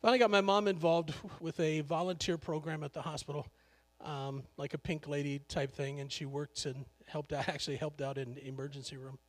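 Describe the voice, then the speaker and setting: A man's voice: a little high, level tone, fairly quick, few pauses, big-room sound. A male pastor preaching a sermon in a conversational, joking way, laughing often.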